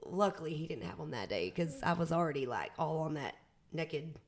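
A woman with a Southern US accent, a podcast guest chatting in a bubbly, fast, self-mocking way. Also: deep voice, sing-song. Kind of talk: casual chat.

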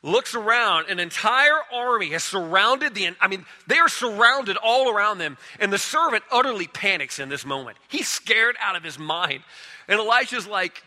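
A male pastor tells his stories in an animated sermon, with a high, bright and cutting voice. A long reverb from a large hall trails every phrase. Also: moderate pace. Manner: animated storytelling, acting out characters.

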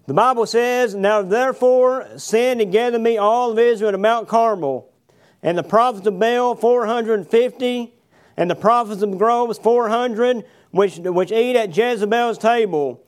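A man's voice: extremely high pitch, unhurried. A man preaching a sermon, reading verses aloud and then explaining them with rhetorical questions to his congregation. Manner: reads verses aloud, then paraphrases with fillers. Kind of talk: sermon reading and expounding scripture. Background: congregation answering amen.

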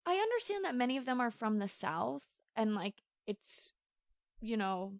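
Podcast co-host: chatty young woman, a bit high-pitched, dry close sound, casual. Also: sing-song, normal speed, vocal fry, no echo. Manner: chatty, lots of "like" fillers, playful. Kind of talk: casual chat.

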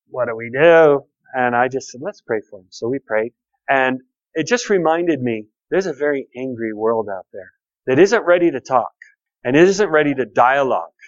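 A man's voice: medium pitch, dry recording, lo-fi sound. A pastor preaching a conversational sermon, repeating key phrases and telling personal stories to his congregation.

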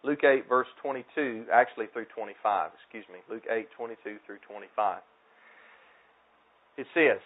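Male pastor, mid-pitched, preaching with emphatic repetition; thin phone-like sound. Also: normal speed. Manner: emphatic, repeats key phrases. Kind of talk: sermon. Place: church sanctuary at a pulpit.

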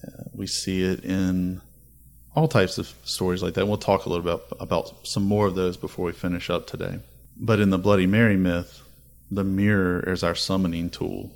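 A man's voice: sits low, little pitch movement, moderate pace, vocal fry, slight background noise. A man hosting a casual podcast chat, telling spooky folklore with dramatic, building lists. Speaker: podcast host.

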